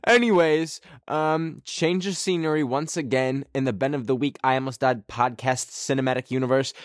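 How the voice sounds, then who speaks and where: A podcast host with a medium-pitched voice chats casually from a friend's darkened bedroom. The recording is studio quality with no echo. He rambles, leans heavily on fillers, and pokes fun at himself.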